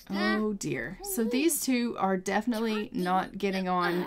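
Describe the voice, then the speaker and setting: A woman's voice: mid-range voice, measured pace, crowd noise. Chatty woman narrating a life-sim game. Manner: chatty, dramatizing the characters. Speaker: let's play narrator. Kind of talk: gameplay narration.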